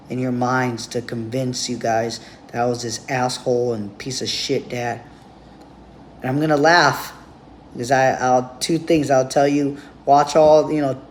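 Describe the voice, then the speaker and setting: A man's voice: a little high, darkish tone, slight background noise. A man giving a blunt, profane, rambling monologue straight to camera as a vlogger.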